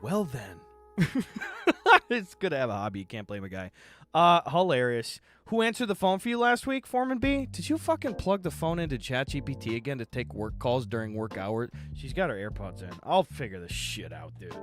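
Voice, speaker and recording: A man chatting casually on a live stream, animated, jokey and full of swearing. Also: mid-range voice, normal speed, faint music behind.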